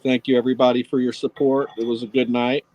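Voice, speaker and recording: A man co-hosting a live stream, chatting casually and telling corny jokes deadpan. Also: mid-range voice, quick pace, highs cut off. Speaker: stream co-host. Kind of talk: casual joke-telling chat.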